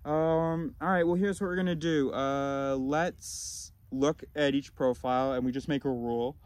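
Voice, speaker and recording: A man voicing his own inner "higher voice" as a quick, practical planner. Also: fairly even intonation, a little mellow, no room sound, natural voice. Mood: upbeat planning.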